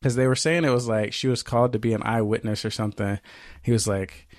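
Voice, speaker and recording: A man co-hosting a podcast, telling a story in casual chat, animated and profane, acting out what others said. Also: mid-range voice, fast, no room sound, clean studio sound. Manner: animated, profane, acts out quoted voices. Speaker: podcast co-host.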